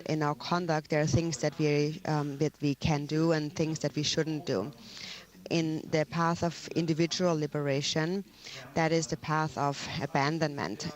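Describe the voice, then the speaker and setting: Hesitant, humble man explaining Buddhist teaching. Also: a little high. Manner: hesitant, many ums, humble.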